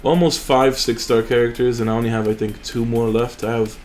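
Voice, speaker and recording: A man's voice: mid-range voice, level tone, brisk, a little mellow, faint music behind. A young man hosting a mobile game channel, chatting casually and rambling with fillers and restarts over his gameplay.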